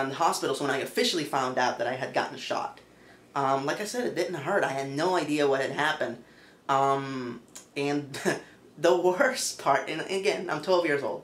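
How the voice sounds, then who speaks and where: A man with a slightly high-pitched voice tells a personal story in a loose, conversational way, full of fillers. He stresses his points with emphasis. The sound is roomy and echoey. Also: fairly bright tone. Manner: casual, many fillers, emphatic. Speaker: vlogger. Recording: echoey room.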